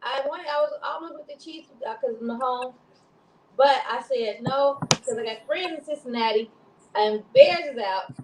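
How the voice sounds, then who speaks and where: A woman's voice: high-pitched, normal speed, echoey room, noisy background. A woman from Chicago co-hosting a casual talk show, rambling and laughing often. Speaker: co-host. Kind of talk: casual chat.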